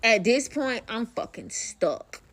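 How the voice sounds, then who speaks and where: A woman's voice: a little high, sing-song, slow, fairly bright tone. A young woman telling a personal story in a casual vlog, candid and profane, calling the listener "baby".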